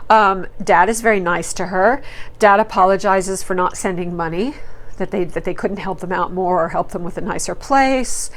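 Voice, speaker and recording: A woman hosting a reality TV recap, talking in a chatty, opinionated way with fillers and quoted asides. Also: medium pitch. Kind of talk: casual commentary.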